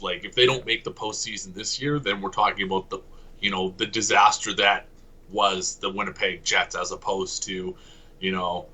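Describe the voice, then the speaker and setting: A man's voice: sits low, pushed and bright, husky, rough recording. A man from Canada co-hosting a casual sports podcast, talking analytically and correcting himself as he goes. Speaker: podcast co-host.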